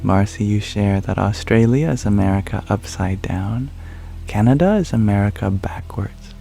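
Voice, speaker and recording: A man speaking softly and calmly as an ASMR livestream host, answering viewer questions. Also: on the low side, moderate pace, vocal fry, soft background music. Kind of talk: soft-spoken ASMR livestream chat.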